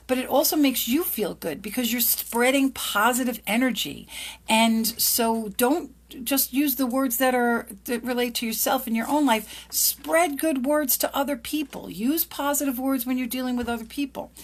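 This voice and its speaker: Middle-aged woman host, higher voice, upbeat motivational talk, plays out little dialogues. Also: moderate pace. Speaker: lawyer and podcast host. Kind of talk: motivational monologue.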